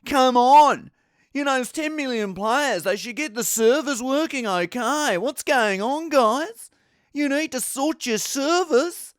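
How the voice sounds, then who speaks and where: A man's voice: very high voice, expressive, slow pace, no echo, studio quality, voice pushed up, exaggerated voice. A man doing a griping Australian snooker pro. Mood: exasperated. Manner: complaining, emphatic. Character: male Australian snooker player, exasperated.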